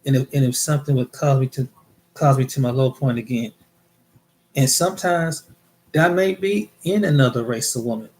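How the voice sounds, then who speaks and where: A man's voice: medium pitch, normal speed, a little mellow, a little hiss or hum. A man from the United States talking in a casual monologue, rambling and repeating words as he tells his experiences. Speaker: vlogger.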